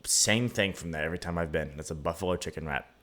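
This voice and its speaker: A man's voice: low-pitched, fast talker, a bit bright. A young man hosting a podcast quiz in casual chat, teasing his co-host and laughing often.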